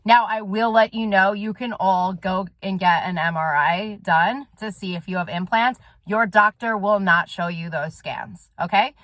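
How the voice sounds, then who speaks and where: A soul coach and vlogger speaks straight to camera in a casual monologue that's intense, rambling, and full of swearing. Her voice is fairly low in pitch with a fairly bright tone, recorded with no echo.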